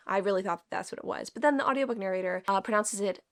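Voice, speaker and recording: A woman's voice: mid-range voice, very fast, fairly bright tone. Woman, Southern country accent, casual book vlog chat, blunt and profane, chatty fillers. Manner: candid, swears freely, lots of fillers. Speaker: book vlogger.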